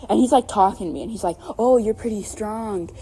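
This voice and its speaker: A young woman co-hosting a podcast, telling a long story in a casual, animated, rambling way with lots of fillers and "right?" checks. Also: mid-range voice, brisk, slightly rough. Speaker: podcast co-host.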